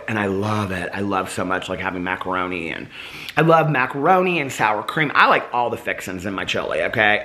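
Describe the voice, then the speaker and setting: A man's voice: lowish voice, big pitch swings, brisk, sharp tone. A man vlogging in a casual, rambling way, full of fillers and restarts. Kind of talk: casual chat to camera.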